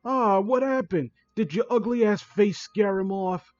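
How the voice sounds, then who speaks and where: A man doing a high, sneering schoolgirl bully who taunts in a raised, nasty voice. The sound is dull and lo-fi, in a dry room with no echo. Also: a little slow, a little mellow. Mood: mocking. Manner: taunting, mocking. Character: mean teenage girl school bully, sneering.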